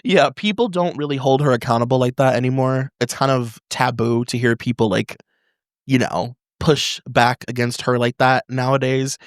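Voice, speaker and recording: A man's voice: medium pitch, fairly even intonation, moderate pace, no room sound. Young adult man, casual podcast co-host, enthusiastic, dry close mic. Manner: enthusiastic, laughs often, uses 'like' a lot. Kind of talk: casual chat.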